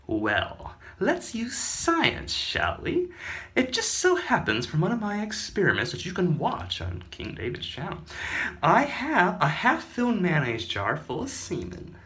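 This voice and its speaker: A man voicing a pompous male scientist who speaks in a smug, measured way. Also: sits high, huge pitch swings, sharp tone, pitched above the performer's own voice, exaggerated voice. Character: pompous male mad scientist in a lab coat.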